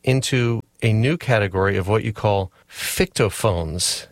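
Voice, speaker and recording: A man's voice: fairly low pitch, a little slow, no echo. Dry-sounding male interviewer. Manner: prepared, articulate questioning. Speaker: interviewer host. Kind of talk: interview questions.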